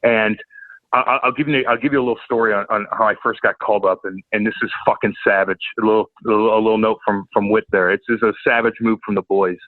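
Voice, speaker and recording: A man telling a profane, animated story as a podcast guest. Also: lowish voice, fast talker, no room sound, narrow, tinny audio. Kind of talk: casual storytelling.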